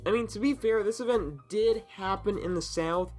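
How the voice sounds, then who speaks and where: A young man from Tennessee narrating an animated storytime with jokes and self-deprecating asides. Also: sits high, normal speed, faint music behind.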